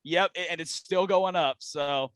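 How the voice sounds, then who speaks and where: A young man, a guest on a casual podcast, telling excited stories with lots of fillers. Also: a little high, unhurried, dry recording. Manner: excited storytelling, many fillers. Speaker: podcast guest, race fan.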